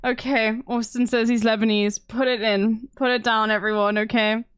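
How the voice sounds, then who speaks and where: Woman, streamer, chatty, reacting to a podcast, higher voice, smooth and dry. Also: level tone, normal speed, a bit bright, no echo. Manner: chatty, talks to her chat with repeated "okay?". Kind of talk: casual reaction commentary.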